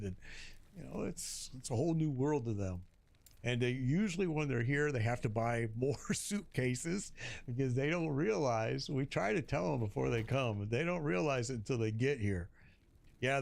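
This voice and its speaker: Gravelly-voiced man telling stories. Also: medium pitch, darkish tone, no room sound. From Chicago. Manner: storytelling, laughs often, slangy. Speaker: streamer. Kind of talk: casual chat. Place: home streaming setup.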